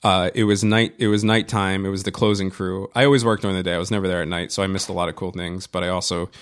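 A man's voice: sits low, level tone, fast, smooth. Rambling, cursing man telling a story. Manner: rambling, profane, many restarts and fillers. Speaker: podcast co-host. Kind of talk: casual storytelling chat.

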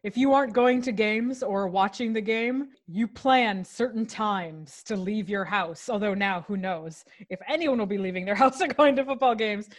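A woman's voice: medium pitch, normal speed, few pauses. A woman co-hosting a podcast, a lecturer chatting casually and laughing easily. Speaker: podcast co-host, university lecturer.

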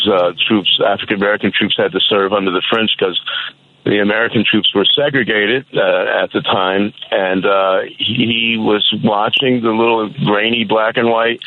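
A man in his sixties calling in to a radio show, long-winded, rambling and insistent. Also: lowish voice. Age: 60s. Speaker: caller. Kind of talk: call-in radio rant. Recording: tinny phone line.

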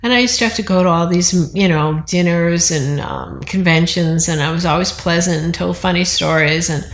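A woman's voice: lowish voice, moderate pace, echoey room. An older woman in casual conversation, a chatty storyteller who acts out quoted voices. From United States east coast. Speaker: guest, host's mother.

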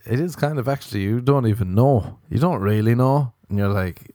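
A man's voice: medium pitch, a little fast, warm tone, dry recording, clean studio sound. A young Irish man hosting a podcast, rambling and swearing in a casual comic monologue, often slipping into playful quoted voices. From Ireland. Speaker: podcast host.

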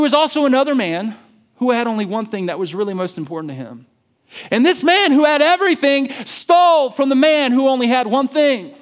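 A male pastor preaching a sermon in an animated, conversational storytelling way. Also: extremely high pitch, a little fast.

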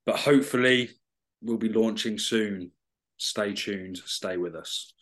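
A man co-hosts a podcast and gives a loose, upbeat intro, plugging the channel. His voice is fairly low and relaxed. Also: slow. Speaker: podcast co-host.

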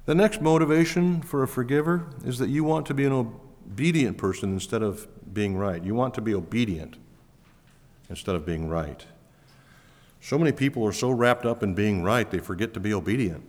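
A man preaching a sermon as pastor, pushing key words up loudly, then falling back low and quiet. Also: normal speed. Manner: emphatic, rising to stress key words, then dropping low. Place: church auditorium. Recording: long hall reverb.

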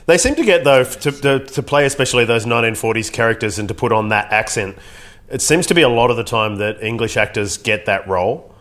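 A man's voice: mid-range voice, animated, quick pace, a bit bright. A man co-hosting a casual film podcast, talking in a rambling, hesitant way. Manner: rambling, hesitant with many ums. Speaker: podcast co-host.

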